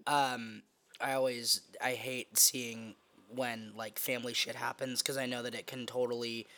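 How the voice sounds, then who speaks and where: A young man hosts a casual podcast while hoarse and a bit sniffly from a cold. His rough, raspy voice still has a smooth, resonant core. He rambles and fills his pauses with ums. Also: medium pitch, little pitch movement, sharp tone. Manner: rambling, filler-heavy. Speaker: podcast host.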